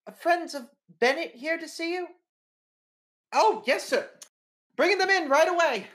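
A man's voice: extremely high pitch, expressive, a little slow, a bit bright, voice pushed up, full character voice. A man voicing a chirpy young female receptionist who speaks in an overly cheerful, sing-song way.

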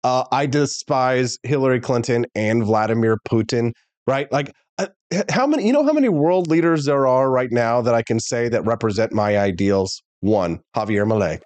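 A male talk show host delivering an animated, opinionated monologue straight to viewers. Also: mid-range voice, moderate pace, no room sound.

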